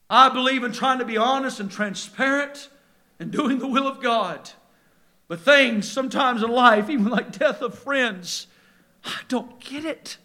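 A man preaching a sermon, moving between quiet, low passages and loud, shouted peaks, acting out voices as he tells stories. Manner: acts out quoted voices in storytelling.

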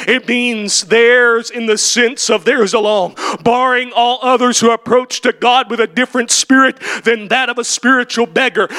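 A male preacher delivering a sermon, swelling into shouted, repeated refrains and then dropping back to quiet, questioning speech. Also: very high-pitched, fairly even intonation, moderate pace, hardly any pauses. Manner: builds to impassioned shouted climaxes, then drops to quiet.

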